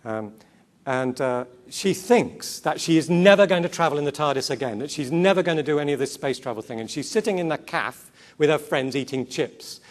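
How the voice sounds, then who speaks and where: A man's voice: fairly high pitch, animated. A man giving a sermon-style talk to a Christian gathering, earnest, asking rhetorical questions and repeating key words. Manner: quick asides and self-corrections. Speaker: conference speaker.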